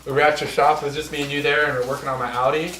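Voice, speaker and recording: A man's voice: on the high side, little pitch movement, racing, bright, forceful tone, slight background noise. Young guy telling his dad a story, easygoing, um-ing a lot, far off in an echoey room. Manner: easygoing, hesitant. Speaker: son of the birthday man. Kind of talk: casual storytelling.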